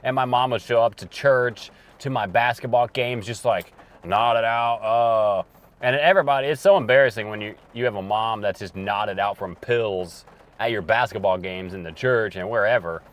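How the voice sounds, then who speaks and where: A young man casually telling stories from his childhood, talking loosely with lots of slang and acting out quoted people in higher voices. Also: moderate pace. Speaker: podcast storyteller. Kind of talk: casual personal storytelling.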